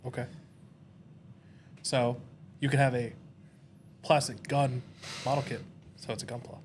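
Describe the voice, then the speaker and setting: A man's voice: medium pitch, fairly even intonation, measured pace. A man with a mid-range voice co-hosts a casual podcast chat. He talks in a dry, matter-of-fact way and drops teasing asides, with faint noise underneath. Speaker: podcast co-host.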